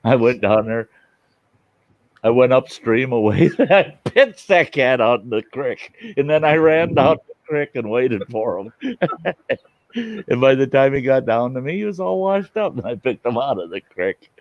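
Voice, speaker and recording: A man's voice: mid-range voice, big pitch swings, a little slow, no echo, muffled recording. Folksy man telling a campfire tale. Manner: folksy, chuckles through his own story. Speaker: storyteller host. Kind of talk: casual campfire storytelling.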